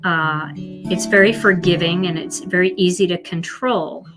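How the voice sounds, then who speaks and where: A woman's voice: on the low side, fairly even intonation, a little slow, over music. A woman with a Philadelphia accent hosting a live card-making demonstration, chatty and self-deprecating as she colors. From Philadelphia, USA.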